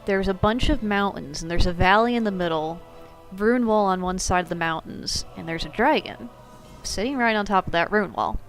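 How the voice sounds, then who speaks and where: A woman's voice: mid-range voice, rough recording. Dry, teasing woman on a gaming podcast. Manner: relaxed, dry teasing humor, rambling storyteller. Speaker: podcast co-host. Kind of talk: casual gaming podcast chat.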